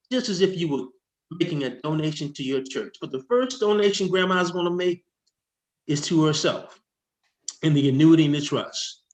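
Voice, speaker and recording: A man, a tax expert guest, explaining with slides in an excitable, rushing way that keeps interrupting itself. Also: fairly high pitch. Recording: echoey room.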